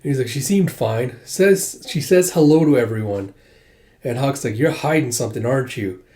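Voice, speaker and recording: A mellow, animated man at medium pitch and moderate pace gives a casual manga volume recap as a reviewer, chatting along and voicing characters' lines in a raised tone.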